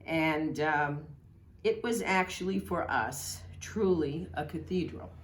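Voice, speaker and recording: Brief: older woman, slow fond reminiscence, echoey room. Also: deep voice, a little hiss or hum. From Brooklyn, New York. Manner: fond, storytelling delivery. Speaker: local history speaker. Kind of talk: reminiscing talk.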